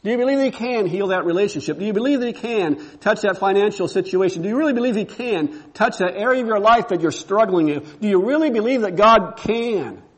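A man's voice: high-pitched, expressive, fast, few pauses. A man pastor preaching a sermon, repeating emphatic rhetorical questions.

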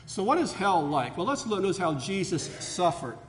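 A man's voice: high voice, sing-song, normal speed. A man preaching a sermon as pastor, earnest, and his voice rises for emphasis. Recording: long hall reverb.

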